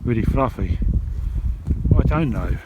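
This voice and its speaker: A man's voice: fairly low pitch, a little slow, heavy background noise. Lo-fi outdoor man chatting on a hike. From England. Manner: relaxed, chatty, thinking aloud with fillers. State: out of breath while climbing. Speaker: hiking vlogger. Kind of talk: casual walking commentary to camera. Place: outdoors on open hills. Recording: dull lo-fi sound with music behind. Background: background music.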